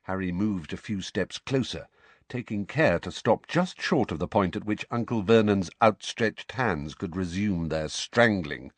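Low husky guy reading a novel aloud, lively ups and downs, dry close sound. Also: measured pace, dry recording. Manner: expressive storytelling, voices the characters. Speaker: audiobook narrator. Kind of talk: scripted audiobook narration.

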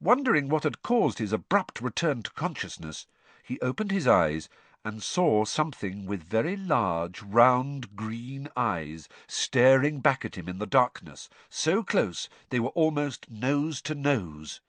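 Guy reading an audiobook, lots of pitch movement, really dry close sound. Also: a little slow, no room sound. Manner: expressive storytelling. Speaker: audiobook narrator. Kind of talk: scripted narration.

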